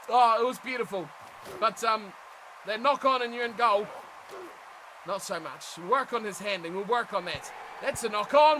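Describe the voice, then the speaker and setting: A young man giving animated play-by-play commentary on a rugby management game, shouting at big plays and chatting to viewers. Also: extremely high pitch, slight background noise, poor audio. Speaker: gaming commentator.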